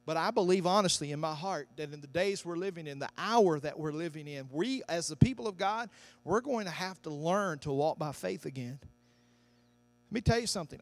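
A man preaching a sermon, telling a story that builds to loud, shouted climaxes. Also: high-pitched, no room sound. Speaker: pastor.

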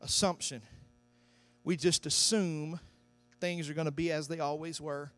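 High-voiced preacher telling a story. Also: male voice, fairly even intonation, measured pace. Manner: storytelling, building to shouted climaxes. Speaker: pastor. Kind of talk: sermon.

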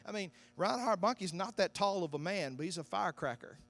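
A man preaching a sermon, telling a story that builds to loud, shouted climaxes. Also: high voice, expressive, a little fast. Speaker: pastor.

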